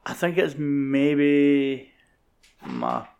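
Male co-host, gravelly voice, hesitant casual film talk. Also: a little high, huge pitch swings, drawn-out words, a little mellow, dull audio. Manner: hesitant, searching for words. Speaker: podcast co-host.

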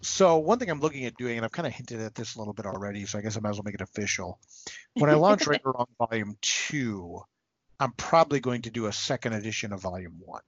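A man's voice: fairly low pitch, animated, quick pace, dry recording. A man guest on a podcast, talking in a casual, earnest, heartfelt way with many restarts, choked up with emotion. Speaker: podcast guest, comics writer. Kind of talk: casual interview talk. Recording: slightly muffled dry podcast audio.

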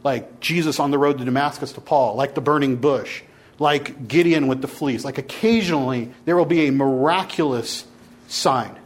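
A man's voice: medium pitch, moderate pace. A man teaching a Bible class, lecturing and challenging his students to argue back.

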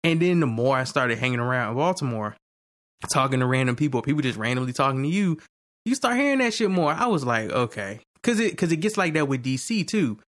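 A man chatting casually on a podcast, his voice sitting in an ordinary middle register. He tells animated, slangy stories full of profanity and easy laughter. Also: medium pitch, fast. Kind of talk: casual chat.

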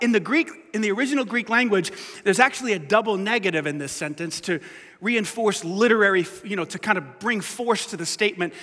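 High, bright-voiced male preacher in a hall. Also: animated, a little fast. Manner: dynamic preaching, dropping to hushed lines and rising to loud pleas. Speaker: pastor. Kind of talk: sermon. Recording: reverberant hall.

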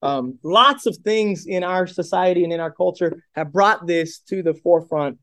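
Male pastor, high voice, dry close sound, animated sermon storytelling. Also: normal speed, no room sound. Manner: animated storytelling with rhetorical questions.

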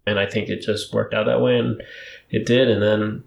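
A man's voice: fairly low pitch, moderate pace, gravelly. Roomy-sounding young man telling a story. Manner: rambling, animated storytelling with fillers. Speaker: podcast guest. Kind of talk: casual chat. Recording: roomy echo.

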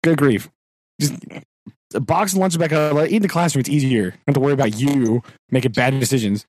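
A man's voice: medium pitch, fairly quick, darkish tone, no echo, clean studio sound. Exasperated man ranting with laughs. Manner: exasperated ranting, laughs often, acts out quoted exchanges. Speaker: sixth grade teacher, podcast co-host. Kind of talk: casual chat.

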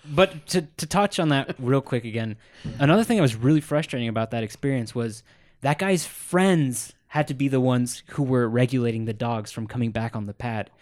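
A man's voice: mid-range voice, moderate pace. Emotional, sweary young man. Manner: emotional, sweary, animated storytelling. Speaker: podcast co-host. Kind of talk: casual chat.

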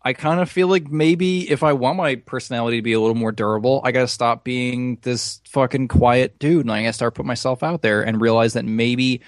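A man's voice: mid-range voice, fairly quick, few pauses, dry recording, studio quality. A man co-hosting a podcast, talking casually in a rambling, profane, self-deprecating way. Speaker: podcast co-host. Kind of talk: casual chat.

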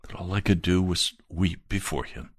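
A man preaching a slow, earnest sermon and telling a personal testimony. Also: sits low, dry recording, studio quality. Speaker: pastor.

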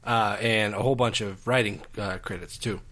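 A man's voice: on the low side, steady tone, moderate pace, sharp tone. A man co-hosting a casual movie podcast, talking in a laid-back way with lots of fillers. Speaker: podcast co-host.

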